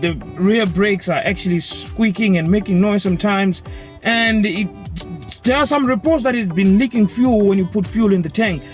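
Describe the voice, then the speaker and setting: A man hosting a car channel, talking with excitement and stumbling over his words. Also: high voice. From South Africa. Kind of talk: enthusiastic car advice talk.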